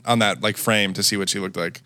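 A man's voice: fairly low pitch, fairly even intonation, brisk, pushed and bright, no echo, clean studio sound. A man chatting casually while reacting to a movie, with sarcastic, laughing, swearing asides. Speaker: movie commentator.

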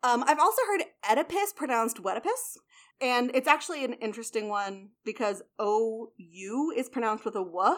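A woman's voice: fairly high pitch, normal speed, few pauses. A young adult woman hosting a casual explanatory talk, chatty, blunt and swearing now and then. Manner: chatty, swears, lively emphasis.

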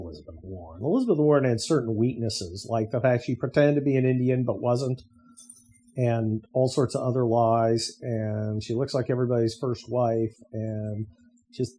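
A man's voice: medium pitch, moderate pace, dark tone, husky. A man hosting a podcast, talking casually in a sarcastic, profane rant. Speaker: podcast host. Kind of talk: casual monologue.

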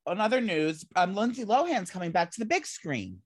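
A man's voice: high-pitched, big pitch swings, fairly quick, no echo. Man, podcast co-host, casual rambling chat, plenty of ums and restarts, dry close sound.

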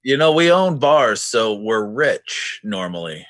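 A man speaking as a guest over a video call, with crude deadpan humor. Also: lowish voice, slow pace, no echo. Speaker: guest, brewery owner.

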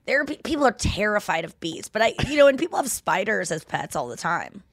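A woman co-hosting a casual comedy podcast, telling profane, lively stories with acted-out quotes. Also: mid-range voice, fast talker, no room sound, clean studio sound. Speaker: podcast co-host; stand-up comedian.

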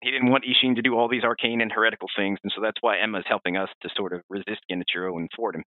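A man hosting a podcast, telling game lore in a rambling, animated way with frequent restarts. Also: on the low side, rapid-fire, no echo. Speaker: podcast host. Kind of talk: casual lore discussion. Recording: dry, phone-like narrow sound.

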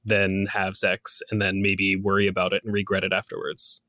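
A man's voice: deep voice, completely flat delivery, normal speed, pushed and bright, no echo. A young man co-hosting a casual podcast chat, hesitant and self-conscious, often restarting his sentences. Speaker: podcast co-host.

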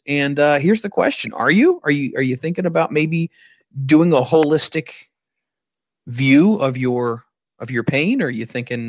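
A man's voice: mid-range voice, lively intonation, moderate pace, no echo. Easygoing man hosting a podcast. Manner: easygoing, chatty, thanks listeners. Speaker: podcast host. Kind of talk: casual podcast chat.

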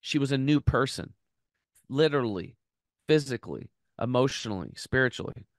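A man hosting a health podcast, earnestly telling an emotional story in a close, animated way with many restarts. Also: medium pitch, moderate pace, no echo. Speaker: podcast host.

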